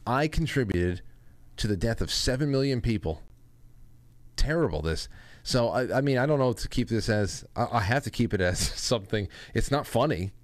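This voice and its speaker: A man's voice: medium pitch, lively intonation, moderate pace, dry recording. A man hosting his own show, talking in a rambling, joking, self-deprecating way. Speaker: host. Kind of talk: casual monologue.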